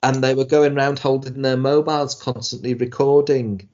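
A man's voice: mid-range voice, flat delivery, normal speed, darkish tone. Rambling, exasperated man on a dull recording. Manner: rambling, frequent restarts, exasperated. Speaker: podcast co-host. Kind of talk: casual chat reviewing TV shows. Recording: dull lo-fi sound.

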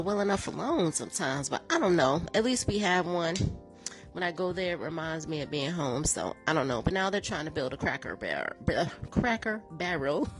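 A woman, chatting to her viewers and telling stories with laughs. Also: lowish voice. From American South. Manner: chatty storytelling with laughs, acts out quotes. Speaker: vlogger. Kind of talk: casual chat to viewers.

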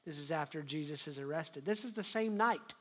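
A middle-aged man preaching a sermon, acting out scripture dialogue and swinging from hushed to loud. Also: fairly high pitch, animated, fairly quick. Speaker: pastor.

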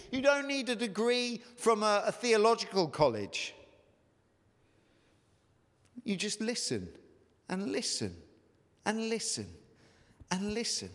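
A man's voice: extremely high pitch, a bit bright, long reverb tail. A man preaching a sermon as a pastor, earnest and conversational, asking his listeners repeated questions. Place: church.

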